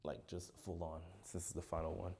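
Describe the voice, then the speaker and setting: A man's voice: low-pitched, steady tone, fairly quick, vocal fry, darkish tone. A man counting numbers aloud for a sleep video, tired and plodding, with sighs and occasional slips. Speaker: content creator.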